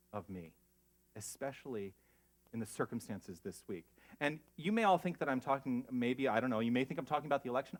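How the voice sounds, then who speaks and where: Guy pastor giving a sermon, earnest, gets emotional, goes quiet then lively. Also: medium pitch. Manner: emotional, earnest, shifts from hushed to animated.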